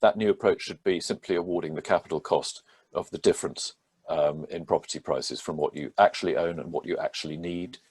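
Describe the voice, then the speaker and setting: A man, a barrister, explaining a court judgment in a measured, methodical way with frequent hesitations. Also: low-pitched, darkish tone, husky. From England. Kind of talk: legal explainer talk.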